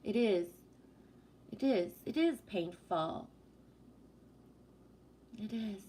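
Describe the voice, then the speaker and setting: This woman hosts a relaxed live chat, projecting as she reads comments and affectionately addressing viewers as sweetie. She speaks extremely slowly in a warm, expressive, medium-pitched voice, over a faint hiss or hum.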